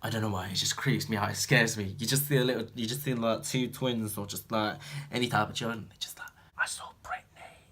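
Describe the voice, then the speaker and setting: A man's voice: on the low side, fast. Rambling young British man. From Britain. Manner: rambling, filler-heavy, jumps from loud animated bursts to mumbled asides. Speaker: vlogger. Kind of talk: casual chat to camera.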